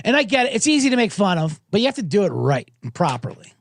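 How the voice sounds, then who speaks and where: A man's voice: high-pitched, sing-song, fast talker. A middle-aged man hosting a podcast, ranting in a sarcastic comedic monologue and swearing freely. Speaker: podcast host.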